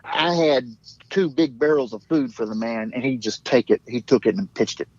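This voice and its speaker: A man's voice: mid-range voice, moderate pace, breathy edge, no room sound, muffled recording. A man telling his story in a rambling, emphatic way, swearing and jumping between thoughts. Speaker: guest recounting an encounter.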